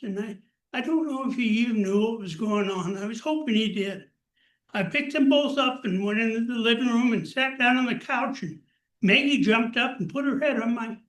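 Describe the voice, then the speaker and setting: An older man telling a personal story to a live group in a plain, unhurried way. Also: very high voice. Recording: echoey room.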